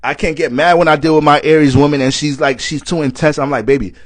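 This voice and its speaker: A young man giving a casual astrology reading, animated and joking, swearing often, and tired from lack of sleep. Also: fairly high pitch, fast, no room sound. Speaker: astrology reader.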